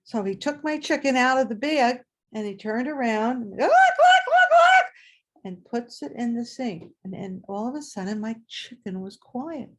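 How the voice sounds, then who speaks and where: A woman telling a personal story live, animated and acting out voices and sounds. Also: fairly high pitch, normal speed, hardly any pauses.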